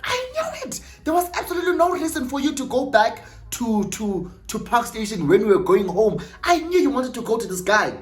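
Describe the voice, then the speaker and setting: A man putting on a shrill, jealous young woman. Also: expressive, normal speed, echoey room. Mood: accusing. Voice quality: shrill, high and shouting. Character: jealous, hurt young woman shouting at her boyfriend.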